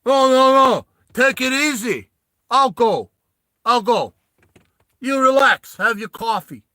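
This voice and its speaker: A gruff New York tough-guy leader, grown and unflappable, who speaks in short, easygoing orders, as a storyteller puts him on. The voice is bright and close, with a dry sound. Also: extremely high pitch, takes it slowly, dry recording, pitched above the performer's own voice, full character voice. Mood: loud, jovial.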